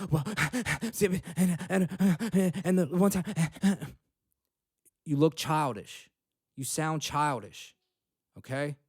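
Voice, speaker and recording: With a mid-range, clean-toned voice, a young man runs a self-help podcast from his home, giving motivational talk that's blunt and peppered with profanity. He hammers points by asking "okay?" and "right?" again and again. The audio is studio-clean without echo.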